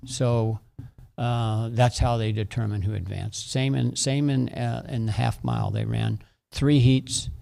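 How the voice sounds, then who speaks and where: A man's voice: medium pitch, steady tone, a little slow, gravelly, warm tone. A middle-aged man, a track and field coach, talking in a radio interview, often repeating words as he explains. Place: radio studio.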